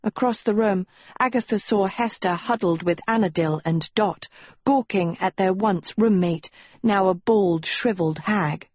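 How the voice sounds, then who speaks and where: A woman narrating a fairy tale audiobook in a slow, measured storytelling voice. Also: mid-range voice, a little mellow, no echo. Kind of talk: scripted narration.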